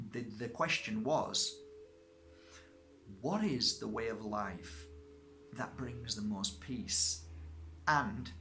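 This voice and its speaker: A man's voice: medium pitch, creaky, a bit bright, a little hiss or hum. A man, a psychic and spiritual teacher, giving an emphatic, repetitive self-help talk. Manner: emphatic, repetitive, rising to fervent.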